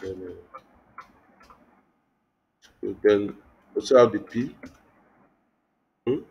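A man's voice: lowish voice, creaky. Guy teaching web code on a call, lots of um and restarts, muffled lo-fi audio. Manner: halting, thinks aloud with many restarts and fillers. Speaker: web development instructor. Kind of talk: live online coding class.

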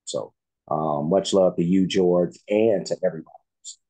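A man hosts a reaction video in a loose, rambling chat full of ums and restarts. His voice is very low and husky, with a dark, mellow tone. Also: normal speed, poor audio. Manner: rambling, filler-heavy, friendly. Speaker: reaction channel host.

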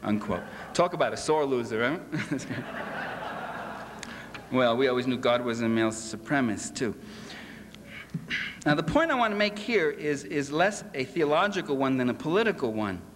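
A man's voice: mid-range voice, very animated, normal speed, pauses often, a little hiss or hum. Sarcastic male lecturer in an echoey hall. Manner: sarcastic, mocking delivery with acted quotes. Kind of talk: public lecture to a convention audience. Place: convention hall. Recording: echoey hall with faint ambience.

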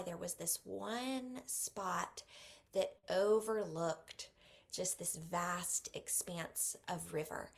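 A woman in her thirties, an author talking as a guest on an interview podcast, who retells a personal story vividly, going soft and slow at the moving parts. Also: mid-range voice, vocal fry. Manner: vivid retelling, speaks softly and slows at moving moments.

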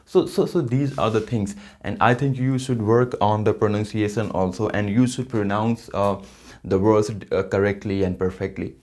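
A man from India with an Indian accent, giving a casual spoken-English tutorial in an earnest, halting way with frequent restarts. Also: fairly low pitch, steady tone, a little mellow.

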